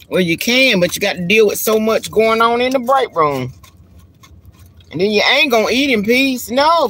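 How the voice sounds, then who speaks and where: A woman with a mid-range, fairly bright voice chats casually to viewers during a live stream from inside her car. She holds the phone camera herself and keeps a folksy tone, calling people girl and honey.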